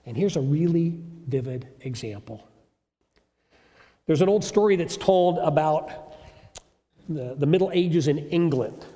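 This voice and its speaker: A man's voice: a little high, warm tone, big-room sound. A male pastor preaching a sermon in an emphatic storytelling manner with rhetorical questions.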